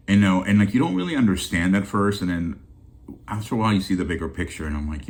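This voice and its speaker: Deep-voiced and a little fast, this bargain-haul host talks to his viewers with lively intonation. The casual vlog chat turns heartfelt and emotional, even teary, as he rambles and restarts often.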